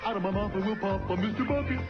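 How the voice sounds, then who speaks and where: A woman's voice: mid-range voice, fast talker, lightly acted. A woman voicing a singing toy bucket mascot in a sing-song 1990s commercial jingle. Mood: cheery. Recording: dull old TV ad with loud music.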